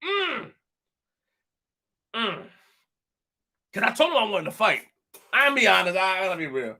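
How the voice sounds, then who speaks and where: With a high-sitting voice that swings hugely in pitch, a man hosts a live stream at a measured pace, sounding gravelly, pushed, and bright. His commentary is animated and emphatic, full of repetition and direct remarks to his chat.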